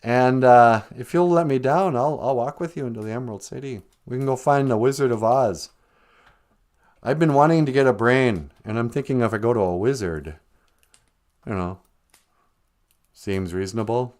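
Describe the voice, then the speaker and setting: A man's voice: medium pitch, moderate pace, pauses often, a little mellow, natural voice. Man doing a laid-back talking scarecrow. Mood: rambling. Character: easygoing talking male scarecrow, friendly.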